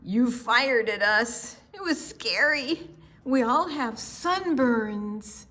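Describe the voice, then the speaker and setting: A woman's voice: fairly high pitch, expressive, drawn-out words, bright, forceful tone, heavily acted. A woman doing smug know-it-all frogs.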